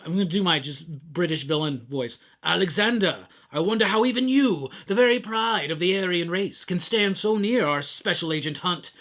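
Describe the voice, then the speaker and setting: A man's voice: high voice, fairly bright tone. A man hosting a podcast, talking casually and enthusiastically through a comic book. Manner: enthusiastic, rambling. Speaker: podcast host.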